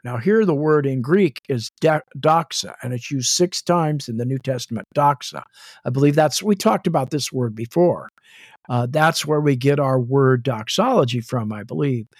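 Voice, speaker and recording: A man leading a Bible study, slowly defining Hebrew and Greek words, repeating and spelling terms out as he goes. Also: mid-range voice, no echo, clean studio sound. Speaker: Bible teacher.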